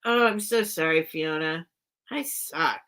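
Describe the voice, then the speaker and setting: A chatty, bright-voiced woman hosts a live sale stream as an online seller, her voice low-pitched and unhurried. She rambles casually, often breaking off mid-sentence, and is apologetic and giggly with her viewers.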